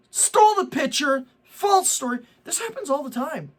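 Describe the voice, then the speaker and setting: A man's voice: very high-pitched, expressive, moderate pace, few pauses, fairly bright tone, slight background noise. A middle-aged man hosting a vlog, ranting with indignation about people lying for likes and preaching with jokey asides. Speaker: vlog host. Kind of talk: ranting social media commentary.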